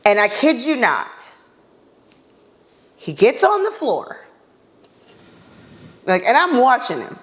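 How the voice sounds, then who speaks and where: A woman's voice: a little high, slow pace, pauses often. A woman podcast host telling a funny dating story in a casual way, acting out her own lines with blunt, exasperated asides. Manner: animated, acts out her own reactions in dialogue.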